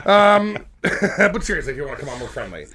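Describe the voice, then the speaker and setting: Loud joking guy hosting a beer podcast, voice jumps all over, wound up and talking fast, chatter all around. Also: medium pitch, very animated. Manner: rowdy, joking, bursts into wrestler-style yelling. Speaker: podcast co-host. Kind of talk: casual beer-tasting chat.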